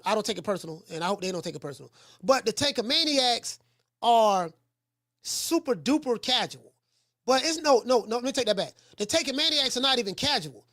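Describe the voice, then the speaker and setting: A man hosting a call-in boxing talk show, chatting in a relaxed, rambling way that circles back and repeats points. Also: very high-pitched, no room sound, clean studio sound. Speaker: boxing coach and show host.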